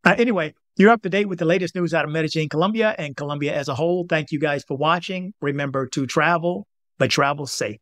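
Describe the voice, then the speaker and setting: A man's voice: on the high side, fast talker, a bit bright, no room sound, clean studio sound. A man from Washington, D.C., hosting a news vlog, talking casually and rambling straight to his viewers, often repeating himself. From Washington, D.C., United States. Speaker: vlog host. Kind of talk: casual direct-to-camera talk.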